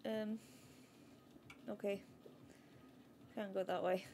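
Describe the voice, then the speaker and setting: A woman streaming a game from home into a desk mic, yelping and shouting at it with lots of exclamations. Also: medium pitch, level tone, slow, slight background noise. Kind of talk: live gaming stream commentary. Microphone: new desk mic.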